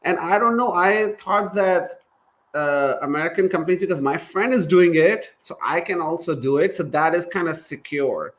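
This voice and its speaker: A man in his thirties with a Pakistani accent, a company founder telling his story in a casual interview, animated and acting out what people said. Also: fairly high pitch, normal speed, low-quality recording. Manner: animated, acts out quoted dialogue, laughs while telling.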